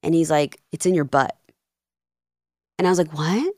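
Woman, 30s, low register, animated storyteller acting out dialogue, dry close sound. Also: normal speed, no echo. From Peru and New Jersey. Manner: animated, acts out quoted dialogue. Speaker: podcast guest, life coach. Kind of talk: casual interview storytelling.

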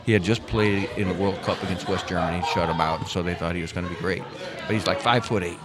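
Older man, low voice, from Missouri; chatty podcast guest spinning long anecdotes with restarts. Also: fairly even intonation, quick pace, a crowd in the background. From Missouri, USA. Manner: rambling, with many restarts and quoted dialogue. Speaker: guest, former pro soccer player. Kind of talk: casual storytelling interview.

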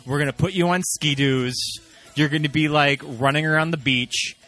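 A man's voice: a little high, moderate pace. A man co-hosting a movie podcast, telling playful stories in casual chat. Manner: animated, playful storytelling. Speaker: podcast co-host.

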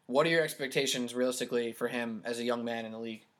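A man's voice: mid-range voice, steady tone, racing, a bit bright. A man hosting a casual sports podcast, leading the talk with questions and wry asides. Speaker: podcast host.

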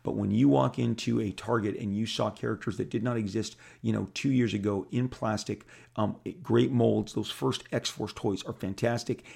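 A man's voice: lowish voice, creaky, darkish tone, slightly rough. A man in his fifties telling casual stories in a rambling way, with many repeated words and restarts. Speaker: comic artist telling stories. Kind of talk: casual storytelling monologue.

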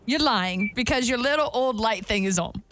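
A woman's voice: on the high side, animated, moderate pace, fairly bright tone, a little hiss or hum. A woman voicing a rambling drunk woman in an imitation British accent. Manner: rambling, slurred.

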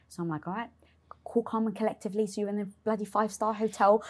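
A woman's voice: medium pitch, fast talker. A young adult woman in an interview, telling a candid personal story with lots of swearing and acted-out inner dialogue. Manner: expressive, swears freely, acts out her own inner dialogue. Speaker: interview guest.

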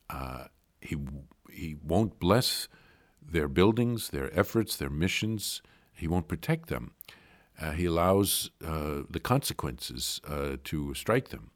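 A male priest reading a devotional diary aloud with brief commentary, slow, measured and reverent, with small slips. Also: sits low. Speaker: Catholic priest.

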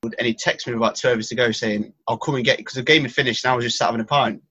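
Podcast host, talks quick, dry close mic, bit lo-fi. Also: male voice, medium pitch, steady tone, bright, forceful tone, breathy edge, dry recording. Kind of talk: casual podcast chat. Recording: dry lo-fi audio.

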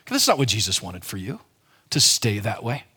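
A man's voice: on the low side, huge pitch swings, a little fast, pushed and bright, husky. A man pastor giving a conversational, emphatic sermon, often restarting his sentences as he explains a Bible passage.

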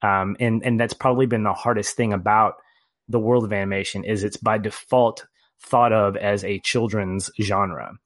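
A man's voice: lowish voice, fairly even intonation, moderate pace, no echo. A man co-hosting a podcast, talking about a film in a wry, hesitant way. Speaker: podcast co-host. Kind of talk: casual film review chat.

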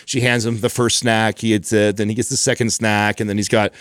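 Fast-talking man telling a story. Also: fairly low pitch, level tone, fairly bright tone, smooth, dry recording, clean studio sound. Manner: storytelling, acts out voices, swears casually. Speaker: podcast co-host. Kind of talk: casual chat.

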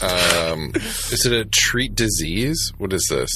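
A man's voice: deep voice, expressive, slow, background noise. A man playing a tabletop game, hesitant and unsure about the rules. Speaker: player.

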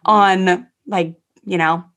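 A woman's voice: fairly low pitch, steady tone, slow pace, a bit bright. A woman hosting a parenting podcast, talking in an enthusiastic, conversational way with frequent "like" fillers. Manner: enthusiastic, filler-heavy, many restarts. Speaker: podcast host and parenting coach.

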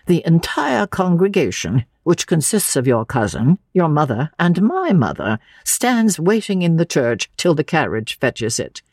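A woman voicing a brisk, kindly male clergyman. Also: low voice, very animated, darkish tone, dry recording, studio quality, voice pushed up, full character voice.

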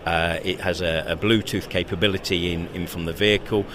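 A man representing a company at a busy trade show, explaining a product haltingly and repeating words. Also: sits low, steady tone, a crowd in the background. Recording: noticeable background noise.

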